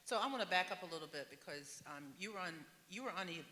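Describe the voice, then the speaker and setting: Bright-voiced woman interviewer on stage. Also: lowish voice, lively intonation, fast. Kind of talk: live panel interview. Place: large hall at a live event. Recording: reverberant hall.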